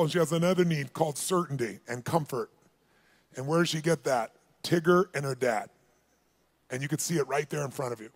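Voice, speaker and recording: A man telling a story at a motivational seminar, acting out the dialogue and calling on the live audience to answer. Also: on the high side. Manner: animated, acts out dialogue, calls on the audience. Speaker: motivational speaker.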